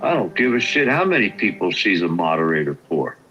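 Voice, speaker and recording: A man's voice: low-pitched, sing-song, brisk, a bit bright, dull audio, faint music behind. An angry man talking bluntly on a livestream, swearing at someone he despises. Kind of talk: heated livestream talk.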